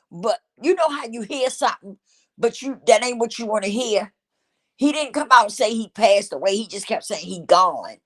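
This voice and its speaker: A woman's voice: medium pitch, fairly bright tone. A middle-aged woman hosting her own show, telling a personal story in an emotional, repetitive way and speaking straight to her listeners. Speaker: host.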